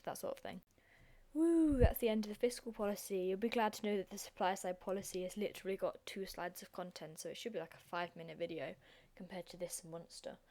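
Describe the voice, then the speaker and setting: A young woman with a croaky, hoarse voice, hosting a chatty, self-deprecating revision lesson. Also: on the low side, dark tone. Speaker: revision video host.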